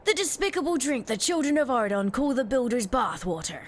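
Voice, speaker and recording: A woman voicing a stern, zealous village man who speaks slowly and accusingly. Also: high voice, sing-song, background noise. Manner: slow, accusing.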